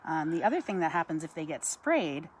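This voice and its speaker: A woman, giving a chatty live-stream talk outdoors, greeting viewers by name and cooing softly to an owl. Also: low voice, big pitch swings, a little fast, slight background noise. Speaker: wildlife educator.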